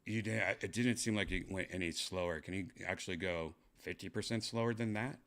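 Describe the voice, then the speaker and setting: A man hosting a podcast in a deadpan, trolling manner, mumbling with drawn-out fillers and muttered asides. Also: low voice. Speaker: podcast host. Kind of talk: casual chat, deadpan trolling.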